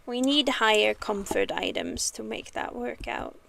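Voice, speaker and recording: A woman from Sweden with a Swedish-tinged English accent, streaming a game and rambling casually as she plays. She talks at an unhurried pace with a gravelly, fry-edged voice. Faint keyboard clicks tick along behind her. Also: a little high, huge pitch swings, fairly bright tone, slight background noise. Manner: chatty, rambling, thinks aloud while playing. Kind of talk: casual live gameplay chat.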